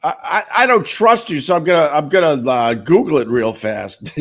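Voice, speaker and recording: A man's voice: a little high, lively intonation, normal speed. A middle-aged man hosting a casual livestream, reading viewer comments and rambling with repeated words. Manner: rambling, repeats words, sudden loud jumps. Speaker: radio host and livestreamer.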